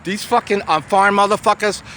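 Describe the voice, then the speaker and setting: An American man in his 60s rants profanely to the camera on a city street, rambling and stumbling over repeated words with stammering restarts. His voice sits high and sounds brisk and sharp, with fairly even intonation, and faint street and traffic noise runs underneath.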